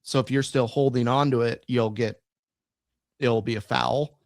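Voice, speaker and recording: This podcast co-host's voice is medium in pitch, steady and creaky, moving at a moderate pace. He rambles in casual chat, restarting often and using many fillers, captured in studio quality without echo.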